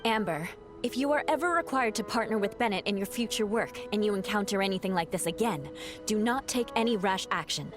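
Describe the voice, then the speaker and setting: A woman's voice: mid-range voice, lively intonation, brisk, over music, close to an everyday voice. A woman voicing a stern, proud young knight in a video game, formal and commanding. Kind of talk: game voice acting.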